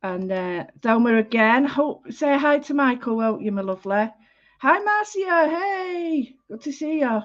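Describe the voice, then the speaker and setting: A woman hosts a casual livestream art lesson, talking in a chatty way and interrupting herself as she goes. Her voice sits fairly high. The sound is slightly muffled, like a home stream. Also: expressive, a little slow. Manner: chatty, warm greetings, self-interrupting. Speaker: art class host.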